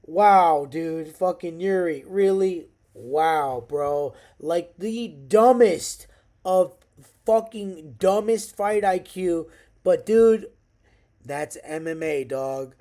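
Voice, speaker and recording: Man in his thirties, MMA recap vlogger; profane, slangy, excitable delivery with a mellow, warm tone. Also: a little high, takes it slowly. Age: 30s. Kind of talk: casual fight recap monologue.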